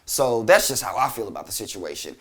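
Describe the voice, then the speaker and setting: A man's voice: on the low side, very animated, brisk, fairly bright tone. A man hosting a commentary show, ranting in exasperated disbelief with heavy swearing.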